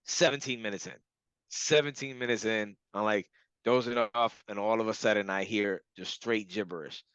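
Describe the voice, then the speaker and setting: A young man recounts a strange personal experience in a relaxed, animated way, laughing and acting out what others said. His voice is bright and forceful. The recording is dry and a bit dull, with a lo-fi feel. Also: on the low side, moderate pace, smooth, no echo. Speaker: hypnotherapy client. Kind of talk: casual storytelling testimonial.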